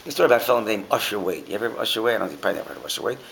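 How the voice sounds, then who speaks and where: Animated man teaching a Torah class. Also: on the low side, very fast, creaky, a little hiss or hum, rough recording. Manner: animated, asks many rhetorical questions, frequent restarts.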